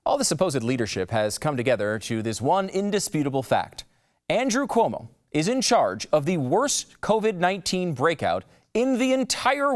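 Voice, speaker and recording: A man hosting a political commentary show, talking in a mocking, sarcastic way with loud jabs and muttered asides. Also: on the high side.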